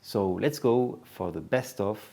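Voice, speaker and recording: A man hosts his own video channel in a deep, low voice. He speaks slowly and with measure, pausing and filling gaps with "uh" as he runs through a list of names. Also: expressive, dark tone. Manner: measured, listing names one by one with pauses and fillers. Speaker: channel host. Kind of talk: video introduction to a best-of.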